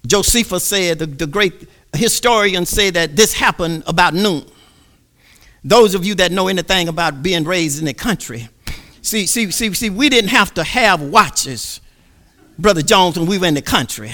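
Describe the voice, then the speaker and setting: A man preaching a sermon, swinging from hushed murmurs to shouts and repeating words as he builds. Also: high-pitched, animated, normal speed.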